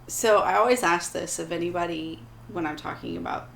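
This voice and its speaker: A woman hosting an interview, asking brief, measured questions. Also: fairly low pitch, gravelly. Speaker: podcast host, interviewer. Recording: echoey room with faint noise.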